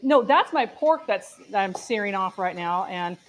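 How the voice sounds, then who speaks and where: A woman competing as a cook on a live stream, lively and teasing, explaining her dish step by step. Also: mid-range voice, moderate pace, slight background noise, rough recording. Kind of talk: casual chat.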